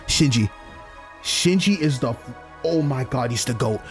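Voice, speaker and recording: Male gamer, excited slangy playthrough commentary, faint music behind. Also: medium pitch, moderate pace. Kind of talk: casual gaming commentary.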